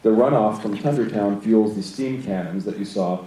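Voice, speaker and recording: A man's voice: on the low side, moderate pace, warm tone. A male film director explaining and demonstrating production details at a live Q&A in a cinema. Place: cinema auditorium. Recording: distant roomy hall mic with faint noise.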